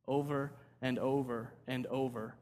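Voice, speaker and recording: A man's voice: mid-range voice, fairly even intonation, a little slow, darkish tone, long reverb tail. A man preaching a sermon as pastor, talking casually, repeating words and asking "right?".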